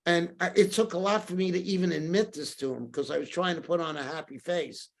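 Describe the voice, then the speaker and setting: A man's voice: on the high side, brisk, vocal fry. An older man telling his life story as a podcast guest, acting out the voices of the people he quotes.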